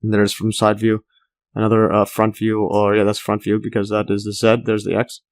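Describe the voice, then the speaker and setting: A man's voice: lowish voice, completely flat delivery, fairly quick. A man teaching a casual screen-recorded math lesson, rambling with many fillers and restarts and enthusiastic asides. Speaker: math tutor.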